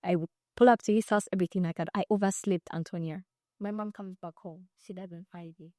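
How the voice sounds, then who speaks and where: A young Ugandan woman co-hosting a podcast, telling a story in a casual, animated way and acting out the other people in it. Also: lowish voice, a little fast, no room sound, clean studio sound. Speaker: podcast co-host.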